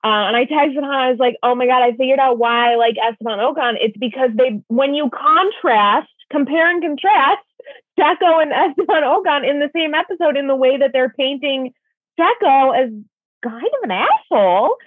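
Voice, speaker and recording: A high-voiced woman co-hosts a podcast, chatting and cutting herself off as she goes. She is recorded through earbud microphones on a video call, so she sounds tinny and thin. There is no room echo. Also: lively intonation, normal speed. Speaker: podcast co-host. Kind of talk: casual podcast chat. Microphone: wireless earbuds on a video call. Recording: tinny, dry earbud-mic audio.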